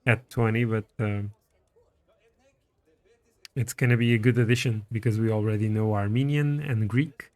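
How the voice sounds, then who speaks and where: A man's voice: on the low side, steady tone, normal speed, pauses often, a little mellow. A man casually commenting on his strategy game and reading its text aloud as he plays. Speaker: streamer playing a strategy game.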